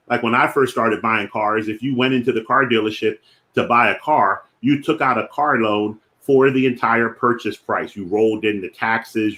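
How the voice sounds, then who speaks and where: A man's voice: on the low side, fairly bright tone. Philadelphia-accented man explaining finance. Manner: deliberate, repeats definitions slowly for emphasis. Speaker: finance show host.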